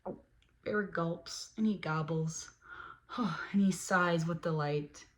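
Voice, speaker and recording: A woman reading a children's picture book aloud as host, animated, with playful sound effects and asides to her listeners. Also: on the low side, takes it slowly, a little hiss or hum. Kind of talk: storybook read-aloud for children.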